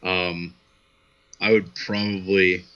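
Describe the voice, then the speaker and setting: A man's voice: sits low, level tone, slow, bright, forceful tone, clean tone, no room sound, highs cut off. A man co-hosting a podcast, chatting casually and hesitantly, often restarting his sentences. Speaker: podcast co-host. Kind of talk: casual chat.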